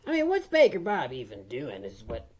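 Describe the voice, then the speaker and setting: A woman co-hosting a comedy podcast, telling a rambling tall tale in a dry, folksy, deadpan way. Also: very deep voice, moderate pace, slightly rough. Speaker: co-host. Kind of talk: deadpan comic storytelling.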